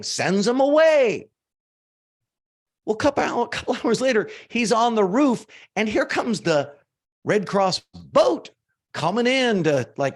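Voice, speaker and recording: Animated male motivational speaker. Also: sits high, unhurried. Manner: animated, swears for emphasis. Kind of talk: live seminar teaching.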